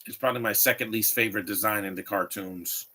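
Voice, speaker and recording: A man's voice: fairly low pitch, fairly even intonation, quick pace, sharp tone. A man giving live watch-along commentary on a movie, opinionated and rambling, often restarting his sentences.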